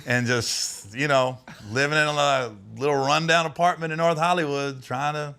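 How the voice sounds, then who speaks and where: Animated bright-voiced comedian from Ohio. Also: male voice, a little high, moderate pace, clean tone. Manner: animated storyteller, laughing through anecdotes. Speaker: comedian guest. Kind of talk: casual podcast chat.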